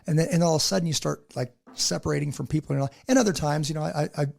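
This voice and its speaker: A man speaks quickly in an earnest, conversational way, with a gravelly, slightly husky voice. He tells stories and acts out what others said, at a middle pitch. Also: a little mellow. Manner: earnest, storytelling, acts out quotes. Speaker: podcast guest. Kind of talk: casual conversation.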